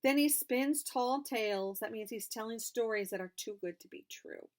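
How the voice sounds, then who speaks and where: A woman reading a picture book aloud to children, animated, pausing to explain words and ask questions. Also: on the high side. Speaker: storybook reader for children.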